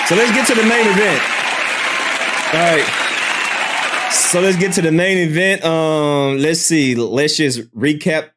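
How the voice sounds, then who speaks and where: Lively, slow-talking male stream host. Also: a little high. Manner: loose and profane, slangy; unguarded, swings between drawl and squeals. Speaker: livestream host. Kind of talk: casual live-stream commentary.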